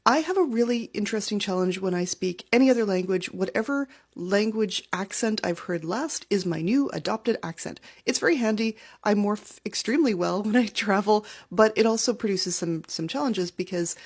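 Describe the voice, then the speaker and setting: A woman's voice: mid-range voice, normal speed. A Canadian woman telling a travel story to camera in a chatty, wry, self-deprecating way, early in the morning at home. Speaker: travel vlogger.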